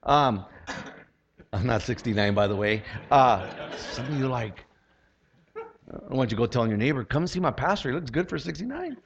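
A man's voice: mid-range voice, expressive, normal speed, vocal fry, slight background noise. Older pastor guy preaching casual and jokey, asks the crowd lots of questions, kinda muffled lo-fi sound. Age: 60s. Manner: conversational and humorous, with rhetorical questions. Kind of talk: sermon. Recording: lo-fi dull sound.

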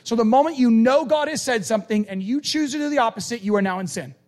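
A male preacher giving a conversational, animated sermon and acting out quoted lines. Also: very high-pitched, fast talker.

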